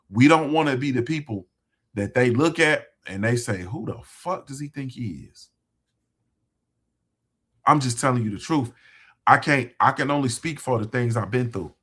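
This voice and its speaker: A man's voice: mid-range voice, fairly bright tone. A man hosting a motivational talk for his viewers, speaking in a conversational, emphatic way, repeating phrases for emphasis. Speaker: host.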